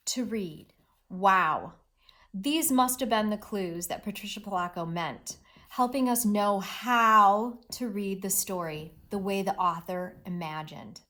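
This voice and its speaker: A woman teacher giving an expressive, encouraging read-aloud reading lesson with lots of emphasis. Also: medium pitch.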